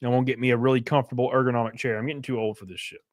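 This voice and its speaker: A man's voice: mid-range voice, flat delivery, racing. A man chatting loosely on a live stream, swearing freely and thanking viewers by name. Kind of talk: casual live-stream chat.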